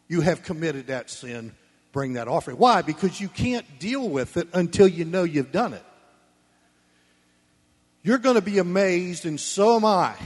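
A man preaching a sermon, blunt and folksy, swinging between loud emphasis and soft asides. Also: a little high. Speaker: pastor. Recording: long reverb of a church hall.

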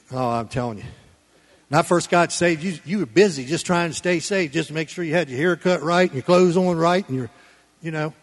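A man preaching a Sunday sermon in church, folksy and conversational, swinging between loud emphatic lines and quiet low asides. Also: a little fast, in a large hall. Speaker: pastor.

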